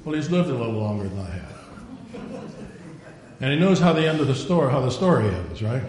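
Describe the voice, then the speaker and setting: A man's voice: sing-song, a little fast, pauses often, darkish tone. An older man preaching a sermon, a digressive storyteller who acts out the quotes he tells. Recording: very echoey room, faint rumble.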